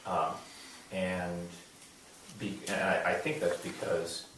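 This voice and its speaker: A man, a student, asking a halting, hesitant question with many restarts. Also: sits low, little pitch movement, a bit bright. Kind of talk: question from the audience. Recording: distant mic, very echoey room, faint background noise.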